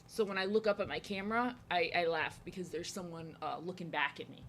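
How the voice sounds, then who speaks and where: A woman's voice: fairly low pitch, a little fast, slight background noise. A young woman chatting casually to her live-stream viewers while she draws, often saying her lines twice. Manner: chatty, repeats herself, greets viewers. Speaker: art streamer.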